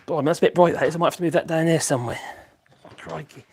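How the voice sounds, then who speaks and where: Working in a slightly echoey home workshop, a man streams woodworking live and talks casually through an external mic, rambling and exclaiming along the way. His fairly high, slightly rough voice has fairly even intonation and normal speed, broken by long pauses.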